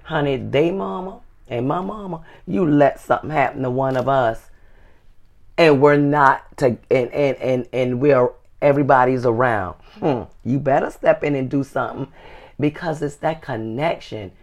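Her voice rumbles low with a darkish tone as this middle-aged co-host works a casual advice show. Folksy and unhurried, she stretches her words out and keeps addressing people as "honey."

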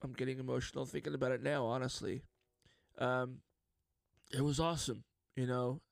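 A man hosting a casual solo podcast, telling stories in an excitable, openly emotional way. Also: medium pitch, moderate pace, creaky, no echo. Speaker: podcast host.

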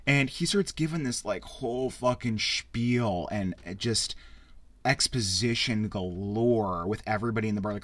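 A man hosting a casual spoken film review, rambling and excitable, with frequent swearing. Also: on the low side, moderate pace, no echo. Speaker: podcast host reviewing a film.

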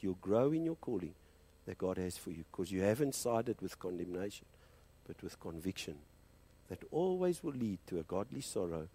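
A man with a South African accent, a pastor preaching a fervent sermon and switching between English and Afrikaans, climbing to loud high peaks and dropping to quiet low passages. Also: husky.

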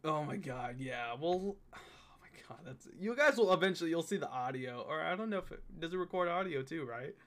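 Casting: young male podcast host, high bright voice, animated laughing storyteller. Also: brisk. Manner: animated storyteller, shrieking impressions of friends, lots of laughter. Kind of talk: casual chat.

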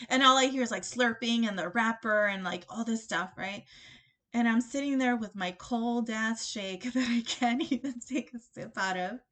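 Animated young woman telling a story. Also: a little high. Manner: animated, lots of "like" and quoted dialogue. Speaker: podcast host. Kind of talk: casual storytelling monologue. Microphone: desk microphone.

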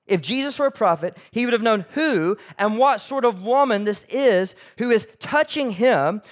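A high-pitched pastor preaches a sermon in a conversational, animated style, putting questions to the audience. He swings from loud emphasis down to soft near-whispers.

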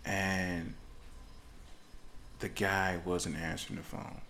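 A man's voice: low voice, little pitch movement, slow, bright, forceful tone, a little hiss or hum. A man in his forties telling rambling stories on a podcast, acting out the people in them. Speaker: podcast co-host. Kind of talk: casual storytelling chat.

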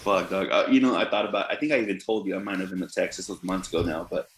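A man's voice: deep voice, racing. A man co-hosting a podcast, chatting in a rambling, profane way with lots of fillers and restarts. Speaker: podcast co-host. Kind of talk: casual chat. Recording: roomy echo with faint noise.

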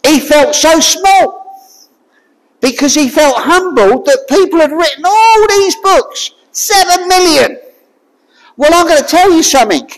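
A preacher delivers a sermon slowly and deliberately, pitch swinging widely as questions are put to the congregation. The voice rings out with a long reverb, as in a church hall. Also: lively intonation. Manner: slow, questioning, draws listeners in with repeated rhetorical questions.

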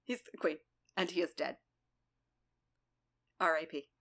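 A woman's voice: low-pitched, measured pace, a bit bright. A woman co-hosting a podcast, reacting to the recap with wry jokes in casual chat. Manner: wry, joking reactions and quips. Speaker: podcast co-host.

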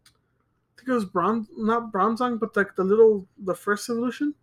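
A man's voice: high voice, fairly even intonation, normal speed, fairly bright tone. A young man speaks in an ordinary mid-range voice on a casual podcast. He jokes and swears freely, often laughing along. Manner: profane, joking, laughs a lot. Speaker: podcast co-host. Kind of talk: casual chat.

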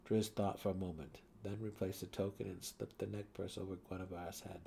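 A man giving a dramatic reading of a fantasy novel, swelling louder and sinking to hushed tones, with a husky voice. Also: low voice, level tone, a little fast, a little hiss or hum. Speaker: audiobook narrator.

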